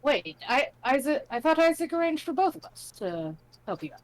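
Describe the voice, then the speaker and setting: A woman playing a tabletop game, speaking casually in quick asides. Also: high voice, very animated, dry recording, rough recording. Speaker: player.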